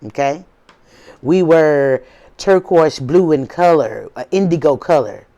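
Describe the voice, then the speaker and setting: The audio is dull, carrying a woman's low-sitting, mellow voice at a slow pace. She's a spiritual host on her own video channel, talking to viewers casually yet preachily, repeating herself and rattling off rhetorical questions in a drawling, informal manner.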